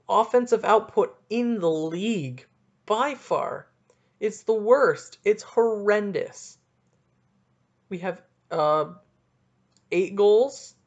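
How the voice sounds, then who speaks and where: Young man, podcast host, excitable ranting, self-interrupting, slightly high voice, muffled lo-fi sound. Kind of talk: solo sports podcast rant.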